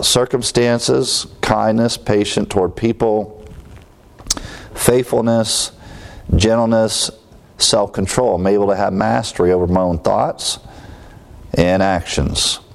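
A man's voice: fairly low pitch, creaky. A man preaching an expository sermon, earnest, repeating phrases for emphasis and asking rhetorical questions. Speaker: pastor.

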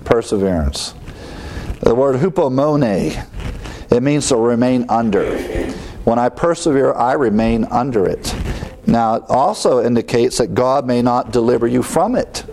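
A man preaching a sermon in a lively, animated way, his voice sitting at an ordinary middle pitch. He acts out little inner voices with sighs and exclamations as he teaches. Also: measured pace. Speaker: pastor.

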